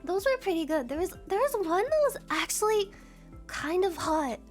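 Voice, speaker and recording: Very high-voiced chatty woman streamer. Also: sing-song, normal speed, faint music behind. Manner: chatty, giggly, self-deprecating rambling. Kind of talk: casual livestream chat.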